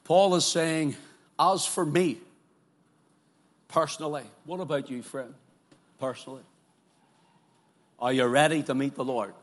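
A man preaching a sermon, moving between loud fervent declarations and quiet, pleading questions to his listeners. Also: on the high side, steady tone, a little slow, long pauses. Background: congregation present, also streamed live.

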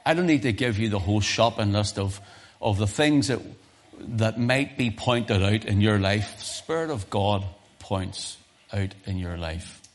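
A man preaching a sermon at a church service, moving between loud emphasis and soft low asides, often repeating and restarting his phrases. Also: unhurried. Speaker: pastor.

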